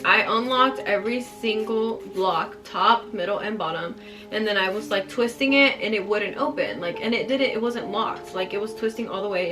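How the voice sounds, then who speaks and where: A young woman casually telling a scary story while doing her nails, with lots of "like" fillers. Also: mid-range voice. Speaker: storytime vlogger. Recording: distant mic with music bed.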